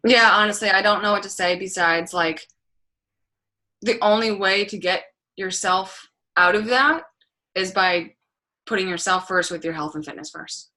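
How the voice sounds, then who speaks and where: A woman's voice: medium pitch, normal speed, pushed and bright. A woman coaching a group over a video call, talking candidly and bluntly, with plenty of "like" and some swearing. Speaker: fitness and business coach hosting a group call. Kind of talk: casual motivational talk.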